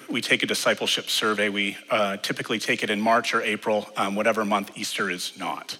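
A man's voice: medium pitch, bright, forceful tone. A man preaching a sermon as pastor to a church congregation, earnest, rising and falling in force. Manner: earnest preaching that swells and drops. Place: church sanctuary. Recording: long hall reverb in a church.

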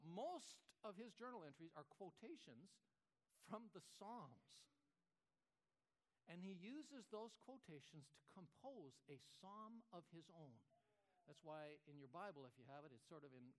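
A male pastor preaching a sermon, asking rhetorical questions and often restarting his words. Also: high-pitched.

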